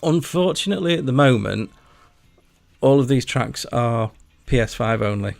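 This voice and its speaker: A man's voice: mid-range voice, animated, normal speed, creaky, dry recording, faint music behind. A man with a Yorkshire accent, hosting a casual gaming livestream, chatty and jokey, rambling as he talks to his chat. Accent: Yorkshire English. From Yorkshire, England. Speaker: livestream host.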